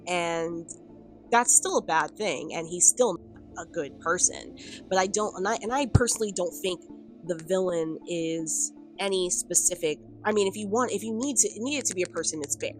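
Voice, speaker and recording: A woman talking casually to camera in a commentary vlog, rambling with lots of fillers and the odd laugh. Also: lowish voice. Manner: rambling, filler-heavy with frequent "like" and "um"; chatty, laughs between points. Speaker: video commentator. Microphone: camera on a stand.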